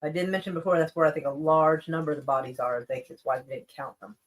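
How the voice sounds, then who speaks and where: A woman's voice: sits low, steady tone, quick pace. A woman doing casual live-stream news commentary, reading articles aloud and reacting with profane sarcasm and frequent laughs while rolling cigarettes. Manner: rolls and smokes cigarettes while talking.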